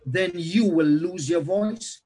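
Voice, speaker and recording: A man, himself a pastor, lecturing other pastors on how to preach, with animated teaching that shifts pace and loudness. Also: high-pitched, takes it slowly, husky, low-quality recording.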